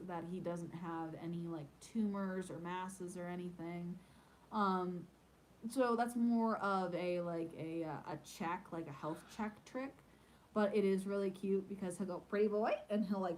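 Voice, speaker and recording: A woman chatting casually on her vlog and answering viewer questions. She rambles with frequent ums and turns animated and playful in her stories. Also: medium pitch, poor audio. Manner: animated and playful when telling pet stories. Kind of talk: casual chat.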